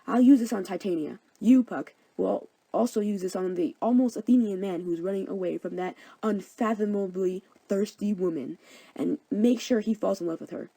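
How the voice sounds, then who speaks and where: A woman's voice: medium pitch, moderate pace, creaky, mellow, breathy edge. A woman voicing Oberon, a scheming fairy king who talks in an indignant, bossy way.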